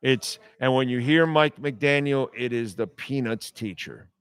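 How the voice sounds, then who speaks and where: A man's voice: mid-range voice, unhurried, a bit bright, clean tone, no echo. A man hosting a sports talk radio show, ranting bluntly and sarcastically with plenty of profanity.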